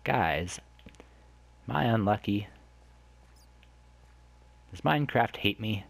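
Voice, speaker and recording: A man hosting a let's play, chatting to viewers in a rambling way and exclaiming loudly when something surprises him. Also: fairly low pitch, animated, slow pace, creaky, no echo. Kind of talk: gameplay commentary.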